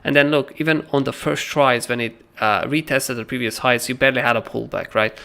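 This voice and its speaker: Male livestream host with a gravelly voice; loose, animated trading commentary. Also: medium pitch, brisk. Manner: animated, keeps asking "right?", swears casually. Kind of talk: casual chart analysis on a livestream.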